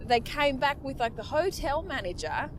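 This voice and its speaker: A woman tells a story with a wry, deadpan edge, her voice pitched high. She talks casually in a chat among friends. A faint vehicle rumble sits behind her. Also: moderate pace. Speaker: comedian guest. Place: inside a car on a road trip.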